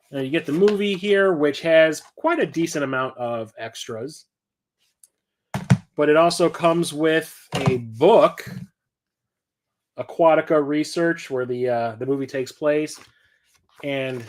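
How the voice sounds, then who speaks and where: A middle-aged man chatting casually about his new movie purchases, rambling and enthusiastic. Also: a little high. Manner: enthusiastic and rambling, quoting movie lines with laughs. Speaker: host of a physical media collection show.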